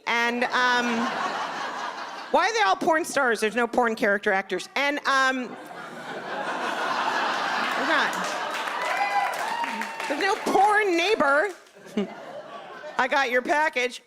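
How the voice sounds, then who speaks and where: A middle-aged woman doing a live stand-up set, chatty and confessional, full of fillers and quick shifts of voice. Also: high voice, lively intonation, background noise. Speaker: stand-up comedian. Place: comedy club stage. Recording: live stage mic with loud crowd. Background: audience laughter.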